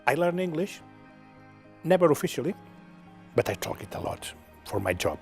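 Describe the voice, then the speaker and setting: An older man from Catalonia, a native Catalan speaker with a Catalan accent, answering interview questions in halting English, repeating words and ending thoughts with "okay?". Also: on the high side, big pitch swings, creaky, faint music behind. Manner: halting, repeats words, frequent "okay?" tags, laughs often. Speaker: television producer, guest.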